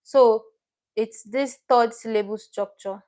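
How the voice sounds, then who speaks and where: A woman's voice: fairly high pitch, fairly even intonation, takes it slowly, warm tone. A woman teaching a livestream lesson, explaining patiently step by step and repeating each word she teaches. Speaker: Korean language teacher.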